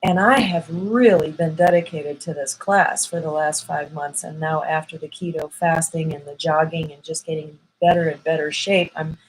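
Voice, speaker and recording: A woman's voice: sits low, normal speed, hardly any pauses, a little hiss or hum, poor audio. Woman telling a heartfelt personal story. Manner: emotional, animated retelling with quoted voices. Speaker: vlogger.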